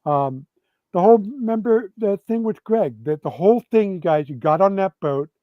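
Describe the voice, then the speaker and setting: An animated, rambling man telling tabletop gaming stories, his voice sitting fairly high. The sound is dry and close, with a dull, lo-fi edge to it. He restarts his sentences often as he warms to a story. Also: moderate pace, no room sound. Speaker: guest game designer. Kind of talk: storytelling in a casual interview.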